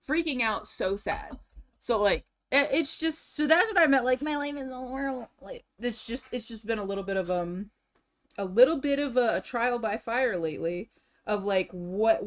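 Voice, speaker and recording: A young woman streamer chatting casually in a rambling way, restarting her sentences often and swinging between tired and excited. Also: fairly high pitch, normal speed. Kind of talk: casual chat.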